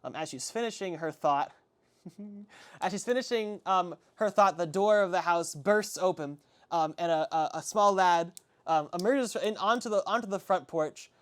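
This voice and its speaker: Casual game master narrating. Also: male voice, high voice, normal speed. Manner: casual, filler-heavy narration.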